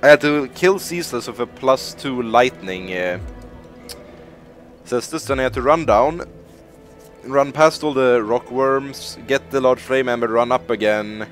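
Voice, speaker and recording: A man's voice: mid-range voice, a little slow, faint music behind. A young man streaming a game, rambling through live commentary with lots of laughter and swearing. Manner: rambling, self-mocking, laughs and swears a lot. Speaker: gaming streamer.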